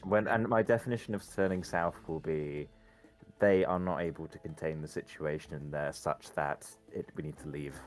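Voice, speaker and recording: A man playing a tabletop game, talking slowly and deliberately. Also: a bass voice, fairly even intonation, faint music behind. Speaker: player. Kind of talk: casual tabletop chat.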